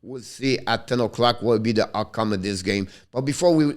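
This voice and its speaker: A man hosting a hockey pre-game preview, passionate and quick to get worked up, speaking English with phrasing. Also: lowish voice. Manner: passionate, gets worked up and frustrated, non-native English phrasing. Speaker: hockey show host.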